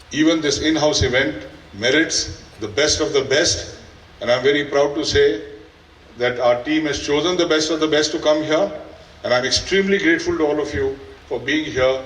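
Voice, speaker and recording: A man's voice: medium pitch, a bit bright, slight background noise. Earnest Indian man addressing students. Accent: Indian English. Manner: earnest, exhorting, with dry humour. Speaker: school head addressing students. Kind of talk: valedictory speech. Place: large school event hall. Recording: echoey hall, voice from a distance.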